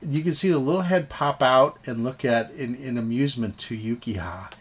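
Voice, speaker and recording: A man narrating a tabletop game as game master, halting and often repeating words. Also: mid-range voice, breathy edge.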